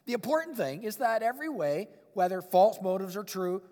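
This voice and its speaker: A male pastor preaches a sermon with an expressive delivery, reading scripture and commenting on it. His voice sits high for a man. The sound carries a long reverb, like a large sanctuary. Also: a little fast, hardly any pauses. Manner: expressive preaching, reads scripture, chuckles at his own points.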